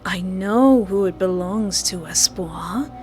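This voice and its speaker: A woman voicing a soft-spoken, creepy young man who holds someone captive, talking slowly and coaxingly in a visual novel. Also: mid-range voice, faint music behind, natural voice. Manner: soothing, slow and coaxing.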